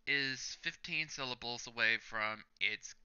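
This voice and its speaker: A man's voice: medium pitch, unhurried, smooth, dull audio. A man hosting a reaction channel, reading a manga chapter aloud panel by panel with his own commentary and chuckling at the jokes. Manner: narrates panel by panel, reading lines out loud.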